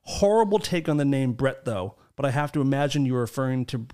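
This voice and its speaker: A man's voice: medium pitch, lively intonation, dark tone, clean tone. A man hosting a casual podcast, teasing his co-hosts and reading listener comments in a joking, loose way. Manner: joking, teasing, drawn-out filler words. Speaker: podcast host.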